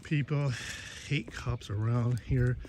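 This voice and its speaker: A man's voice: mid-range voice, steady tone, slow, background noise. A man chatting casually while walking his neighborhood, rambling and swearing as he gossips about the neighbors. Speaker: vlogger. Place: outdoors in a neighborhood.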